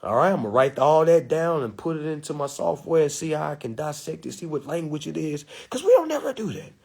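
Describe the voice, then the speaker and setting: Man, preachy casual talk, husky voice, lively pitch swings. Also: fairly quick. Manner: preachy, animated, acts out quotes. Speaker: spiritual teacher.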